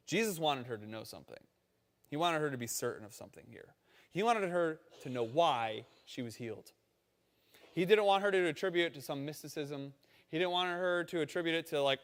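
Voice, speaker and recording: A man preaching a sermon in a conversational, animated storytelling manner, acting out quotes along the way. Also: on the high side, a little fast, long reverb tail. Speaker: pastor.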